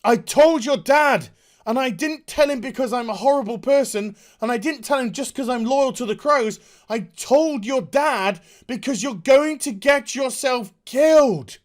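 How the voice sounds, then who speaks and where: A woman's voice: sits high, unhurried. A woman briefly voicing an earnest young woman confronting a friend, in a pleading tone.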